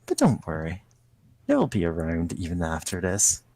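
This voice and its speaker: A man's voice: deep voice, wildly swooping pitch, normal speed, gravelly, darkish tone, low-quality recording. A man narrating a tabletop role-playing game as game master, improvising with rambling, hesitant phrasing. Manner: rambling, hesitant, many fillers.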